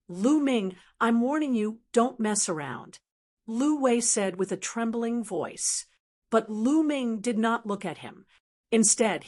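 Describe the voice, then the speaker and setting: A woman narrating a fantasy audiobook in an even, steady reading voice. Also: medium pitch. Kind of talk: scripted narration.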